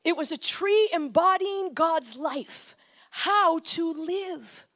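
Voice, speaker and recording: A woman preaching a conversational, animated sermon, often shifting into quoted voices. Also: extremely high pitch, takes it slowly.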